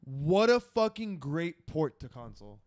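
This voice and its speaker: A man's voice: on the high side, big pitch swings, measured pace, no echo, studio quality. A man co-hosting a casual gaming podcast, joking, teasing and swearing freely. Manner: joking, profane, teasing interjections. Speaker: podcast co-host.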